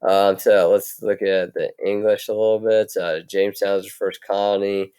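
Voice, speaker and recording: A man with a low, smooth voice talks through a recorded history lesson on a computer mic. He speaks casually, with many fillers and restarts. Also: flat delivery, normal speed, dark tone. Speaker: history teacher.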